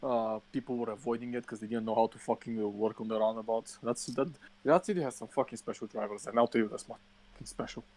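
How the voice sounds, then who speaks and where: A man co-hosting a casual podcast, telling an animated, swear-filled rant. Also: mid-range voice, fast talker. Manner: profane animated ranting storyteller. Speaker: podcast co-host.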